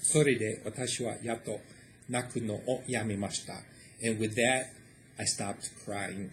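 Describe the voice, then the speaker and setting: A man's voice: fairly low pitch, steady tone, normal speed, slight background noise. A man reading a short story aloud and translating it line by line, explaining in a casual way with lots of fillers.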